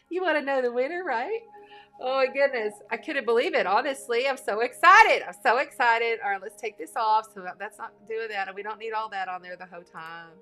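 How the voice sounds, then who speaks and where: A woman hosting an astrology show, chatting casually and gushing excitedly over a giveaway. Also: on the high side, moderate pace, soft background music. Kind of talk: casual livestream giveaway chat.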